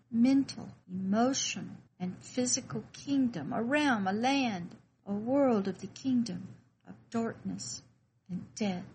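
A woman's voice: on the high side, a little mellow, a little hiss or hum, rough recording. A woman voicing a frightened, lonely spirit child hiding in darkness, who talks timidly and asks anxious questions in a scripted devotional story.

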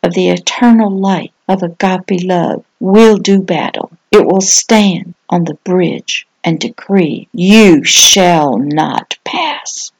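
A woman pastor giving a scripted inspirational reading, speaking in slow, solemn declarations with lots of repetition. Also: medium pitch, vocal fry, a little mellow, low-quality recording.

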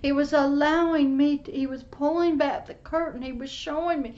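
A woman pastor giving an emotional spiritual testimony, often dropping to a soft whisper. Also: high voice, fairly even intonation, normal speed. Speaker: pastor and teacher. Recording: muffled lo-fi recording.

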